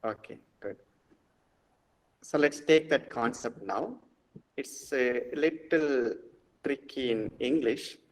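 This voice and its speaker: Man, priest teaching a language class online, patient and slow, repeats examples, long echo on the audio. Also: mid-range voice. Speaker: Greek instructor and priest. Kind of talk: online lecture.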